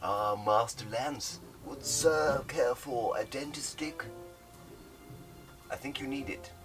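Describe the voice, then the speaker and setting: A man voicing a fawning male butler who speaks slowly and softly. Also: mid-range voice, soft background music, voice pushed up, natural voice. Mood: servile.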